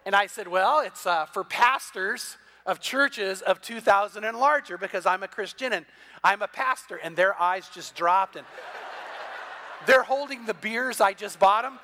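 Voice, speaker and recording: A middle-aged man preaching a sermon, telling a story with a high, bright voice. He stumbles through quick restarts and acts out the voices of the people he describes. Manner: animated storyteller, many repeated "and, and" restarts, acts out quoted voices. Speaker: pastor.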